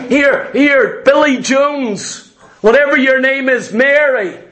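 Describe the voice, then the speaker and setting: A man's voice: extremely high pitch, measured pace, a bit bright. A man preaching a sermon, emphatic and repetitive, acting out voices of his congregation. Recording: echoey church hall.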